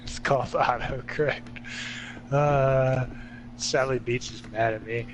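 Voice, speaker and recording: A Californian man ribbing his friends on a podcast, loose and profane, stretching his words with fillers. His mid-range voice sits over a clear layer of background noise. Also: mid-range voice, fairly even intonation. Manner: teasing, profane, drawn-out fillers. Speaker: podcast co-host. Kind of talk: casual banter.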